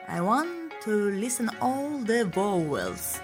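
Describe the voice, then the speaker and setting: Female language teacher with an Italian accent, a slightly low voice and a very slow, patient delivery. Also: faint music behind. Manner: patient, repeats each word several times. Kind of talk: language lesson, repeating words slowly.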